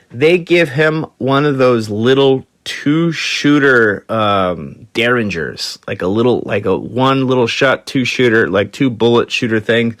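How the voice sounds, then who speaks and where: A man hosting a podcast, telling a story casually with lots of fillers and restarts, jumping into quick voices for the people he quotes. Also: medium pitch, fairly bright tone, no echo, studio quality. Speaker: podcast host.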